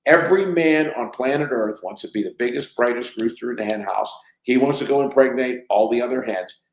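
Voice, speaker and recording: A man's voice: mid-range voice, brisk. A man in his sixties, a company chief executive telling anecdotes as a podcast guest, who acts out the dialogue of his stories. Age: 60s. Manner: animated storyteller who acts out quoted dialogue. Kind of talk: anecdotal storytelling in a podcast interview. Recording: roomy echo.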